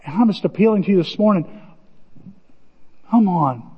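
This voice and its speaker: A man preaching a sermon as pastor, retelling movie scenes with lively acted-out voices. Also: high voice, moderate pace, slightly rough. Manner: animated storytelling, acting out movie scenes in voices. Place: church sanctuary. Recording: muffled recording with long hall reverb.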